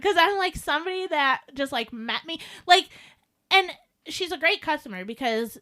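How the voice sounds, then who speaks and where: Casual podcast co-host: woman, high bright voice, lively storyteller who acts out quotes. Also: moderate pace. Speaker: podcast co-host, riding instructor.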